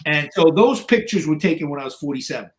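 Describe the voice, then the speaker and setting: A man's voice: on the high side, animated, quick pace. A man in his sixties, a podcast guest, telling stories in a blunt, profane way, full of "you know" fillers and acting out other people's lines. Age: 60s. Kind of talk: casual storytelling.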